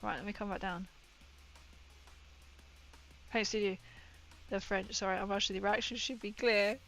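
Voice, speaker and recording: A woman hosting a casual live stream while she paints miniatures, chatting excitedly and greeting her viewers. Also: medium pitch, moderate pace, soft background music. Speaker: livestream host painting miniatures. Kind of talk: casual livestream chat.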